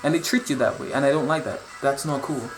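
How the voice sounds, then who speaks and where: A man's voice: mid-range voice, quick pace. Young man, casual vlog storyteller, echoey room with faint music. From Dominica. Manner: animated, repeats words, acts out quotes. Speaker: vlogger.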